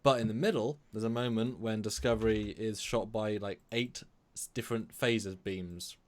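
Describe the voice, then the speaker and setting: A British man co-hosting a live stream, talking fast and enthusiastically, often restarting his sentences. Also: fairly low pitch, steady tone. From Britain. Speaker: co-host. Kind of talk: casual live-stream chat.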